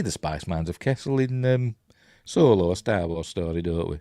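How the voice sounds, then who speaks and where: A man's voice: deep voice, lively intonation, brisk, darkish tone, no room sound, clean studio sound. A man with a Yorkshire accent hosting a casual film commentary, rambling through chatty asides and rhetorical questions. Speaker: film reviewer, channel host.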